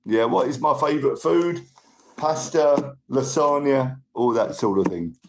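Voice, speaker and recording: A man's voice: medium pitch, unhurried. A middle-aged man, hosting a rambling live stream and greeting and thanking viewers. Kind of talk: casual live-stream chat. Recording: roomy room with faint noise.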